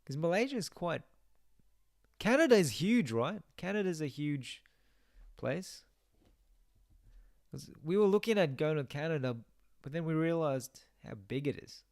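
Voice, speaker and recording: A man's voice: on the high side, big pitch swings, measured pace, pauses often, no room sound, studio quality. A young man chatting casually on a game live stream, reading out viewer comments and musing aloud.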